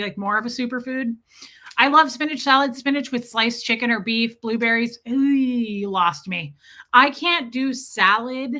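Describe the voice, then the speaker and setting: On her casual livestream, a young Midwestern woman with a Midwestern American accent rambles and replies to viewers' comments. She has a sharp tone and a voice that sits on the high side.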